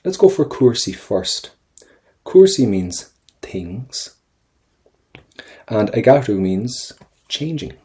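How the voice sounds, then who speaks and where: Irish tutor with a low, mellow voice. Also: female voice, big pitch swings, takes it slowly, long pauses. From Ireland. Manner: repeats each phrase, then translates it. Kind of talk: explaining vocabulary step by step.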